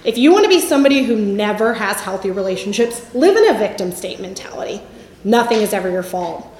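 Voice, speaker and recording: Speaking in a medium-pitched, sing-song voice at a fairly quick pace, a middle-aged woman tells stories during a frank Christian teaching. She keeps it conversational and frequently fades softly at the end of a thought, in a roomy-sounding space.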